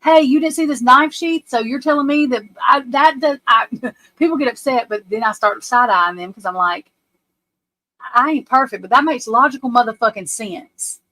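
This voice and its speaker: This is a woman talking on a livestream. Her voice sits a little high, and she rants bluntly and swears freely. She keeps hammering questions about a court case at her viewers. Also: moderate pace, bright, forceful tone, low-quality recording. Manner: blunt, profane, ranting. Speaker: livestream host. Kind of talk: casual livestream commentary.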